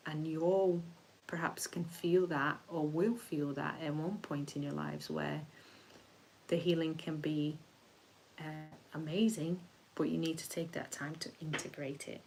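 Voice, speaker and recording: Woman host of a spiritual livestream, low voice, soft and meandering with restarts, faint hiss on the recording. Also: steady tone, measured pace, gravelly, low-quality recording. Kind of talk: casual reflective livestream talk.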